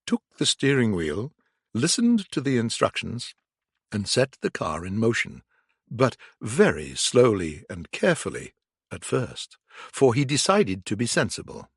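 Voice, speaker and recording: A man narrating a storybook audiobook slowly and deliberately for learners. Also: medium pitch, husky, no echo, clean studio sound. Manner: slow, deliberate reading for learners.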